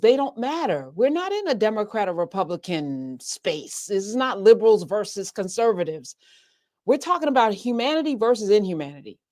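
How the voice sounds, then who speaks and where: A woman's voice: medium pitch, dark tone, no echo, clean studio sound. A woman co-hosting a podcast, speaking in an earnest, reflective, conversational way. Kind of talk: casual discussion.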